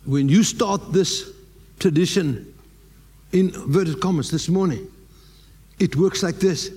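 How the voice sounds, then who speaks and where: High-voiced South African preacher, slow. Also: male voice, darkish tone, husky, long reverb tail. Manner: emphatic preaching, slips in Afrikaans words. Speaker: pastor. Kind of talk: sermon.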